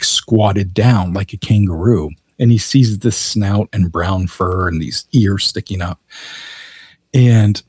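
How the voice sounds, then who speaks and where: A low-voiced man with a husky edge retells events as a podcast guest. His delivery is casual and vivid, full of "you know". The sound is close and dry, with no room around it. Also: a little mellow, no echo. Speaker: guest storyteller, author. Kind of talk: casual storytelling.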